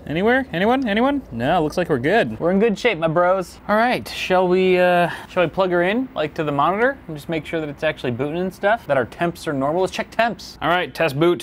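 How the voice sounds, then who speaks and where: A man, a tech video host, chatting casually to himself while he works, joking, sometimes loud and excited and sometimes muttering low. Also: slight background noise. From United States. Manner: chatty, self-talking, jokey, swings between loud excitement and muttering. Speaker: tech YouTuber. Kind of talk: casual vlog narration while working. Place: small studio office.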